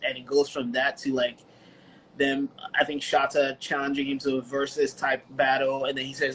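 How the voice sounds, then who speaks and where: A man's voice: medium pitch, completely flat delivery, fairly quick, fairly bright tone, a little hiss or hum, low-quality recording. A man co-hosting a podcast, recapping stories in a loose, rambling way. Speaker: podcast co-host. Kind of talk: casual chat.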